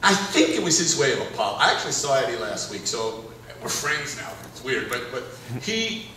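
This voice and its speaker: Speaking at a moderate pace in a medium-pitched voice, a film director rambles through anecdotes on stage for a Q&A, laughing and animated. The audio, taped distantly from the audience in a reverberant hall, has a little hiss or hum along with audience laughter, murmur, and room ambience.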